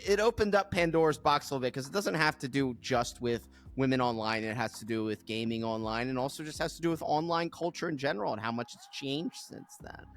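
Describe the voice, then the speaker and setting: A man's voice: medium pitch, brisk, hardly any pauses. A man co-hosting a podcast in casual chat, often laughing through his sentences with a sarcastic edge. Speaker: podcast co-host.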